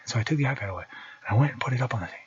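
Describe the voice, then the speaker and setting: A man's voice: medium pitch, racing, dull audio. A man in his thirties telling stories in a casual monologue, swearing freely and acting out his own side of conversations. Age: 30s. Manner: profane, animated storytelling. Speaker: podcast host and holster maker.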